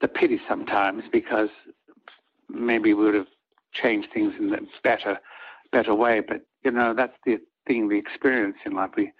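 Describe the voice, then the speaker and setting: An older man with a husky voice, a soap opera actor telling rambling anecdotes in an interview and acting out what others said. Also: fairly low pitch, steady tone, normal speed, lo-fi sound. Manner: rambling, acts out quoted lines of others.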